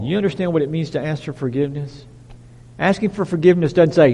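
A man preaching a sermon, emphatic, dropping to a hush and rising to loud declarations. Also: on the high side, very animated, fast, breathy edge, long reverb tail. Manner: emphatic, swinging from hushed to loud.

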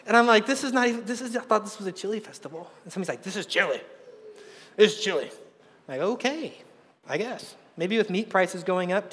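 A man with a high voice preaches to his congregation, mixing jokes and personal stories into the sermon. The sound carries a long reverb from a large hall. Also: fairly bright tone. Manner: conversational storytelling with humor. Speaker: pastor.

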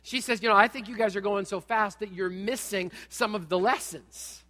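High bright-sounding guy preaching, animated and jokey storytelling. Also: moderate pace, in a large hall. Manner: animated storytelling, humorous asides. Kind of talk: sermon with personal story.

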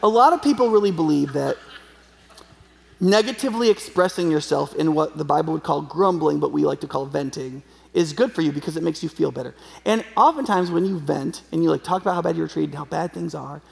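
Male pastor, conversational joking sermon, gravelly, high voice, long church-hall reverb. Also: a little fast. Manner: conversational, joking, uses a live chicken as a prop.

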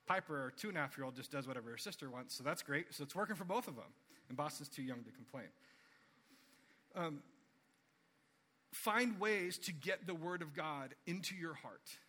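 A man in his thirties gives a sermon in a bright, forceful voice, pitched a little high for a man. He talks in an earnest, conversational way and acts out quoted voices with lively jumps in pitch. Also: normal speed, pauses often. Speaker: pastor.

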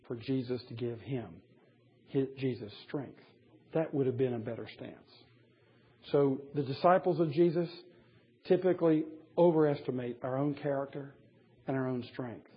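A man's voice: medium pitch, normal speed, husky. A man preaching a sermon to a men's Bible study, emphatic, with wry asides and chuckles at his own points. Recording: dull lo-fi recording.

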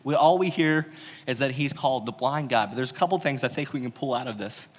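Man, preacher, casual sermon, storytelling, humorous asides, mid pitch, long hall reverb. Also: fast talker.

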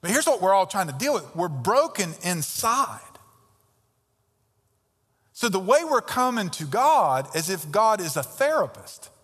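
A man's voice: high-pitched, sing-song, unhurried, a bit bright, husky. A man preaching a sermon as pastor, emphatic and conversational, with pointed rhetorical questions. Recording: long reverb of a large hall.

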